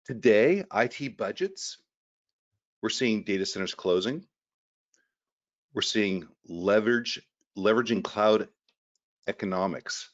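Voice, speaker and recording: A man giving an energetic webinar presentation over a video call, often repeating words as he goes. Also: lowish voice, slow, long pauses, lo-fi sound. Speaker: guest presenter from a data company.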